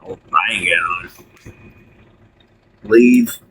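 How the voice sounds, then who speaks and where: A man's voice: low voice, takes it slowly, fairly bright tone, a little hiss or hum. An angry man in a profane, repetitive rant, talking outdoors at night beside a bus bench. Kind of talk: angry monologue.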